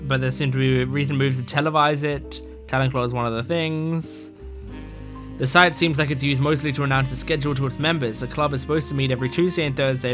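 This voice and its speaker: A man casually playing a mystery game, reading its text aloud and rambling through side stories. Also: medium pitch. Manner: rambling, full of fillers and restarts.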